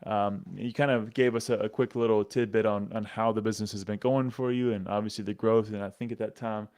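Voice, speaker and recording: A man's voice: lowish voice, steady tone, a little fast, a little mellow, clear, resonant tone. A man hosting a podcast interview, asking questions in an easygoing, jokey way. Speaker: podcast host.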